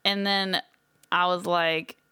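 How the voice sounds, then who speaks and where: A woman's voice: on the low side, level tone, slow pace, sharp tone, clear, resonant tone. A woman co-hosting a podcast in casual chat, giggly and chatty. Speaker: podcast co-host.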